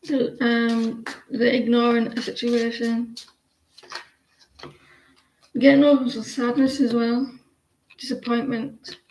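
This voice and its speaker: A middle-aged woman reads tarot cards on a casual live stream and chats freely with her viewers. She talks in a blunt, rambling way, and her voice sits a little high. The room gives her voice a noticeable echo. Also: level tone, slow, long pauses, darkish tone, a little hiss or hum. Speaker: tarot card reader. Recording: roomy echo.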